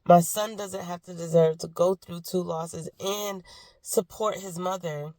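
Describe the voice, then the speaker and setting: A woman's voice: lowish voice, steady tone, unhurried, mellow, no echo. A woman in her thirties talking candidly about grief and faith in a personal vlog, reflective and rambling, sick with a cough. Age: 30s. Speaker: vlogger.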